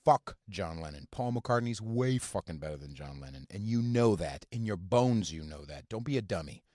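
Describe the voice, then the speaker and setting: A man hosting a podcast from inside his car, ranting casually and profanely in a halting, rambling way full of fillers. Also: sits low, lively intonation, a little mellow, dry recording, studio quality. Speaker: podcast host. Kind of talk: casual rant.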